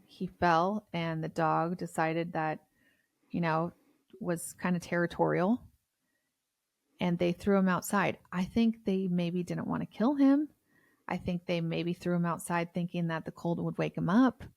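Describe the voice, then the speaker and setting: Podcast co-host: woman, low gravelly voice, blunt and chatty, dry close sound. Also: darkish tone, no echo. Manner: blunt and chatty, swears freely. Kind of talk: casual true-crime chat.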